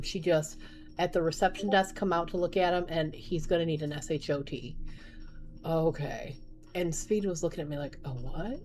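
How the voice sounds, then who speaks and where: A young woman, a mother of small kids, telling a casual storytime vlog in a chatty, animated way and laughing often. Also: fairly low pitch.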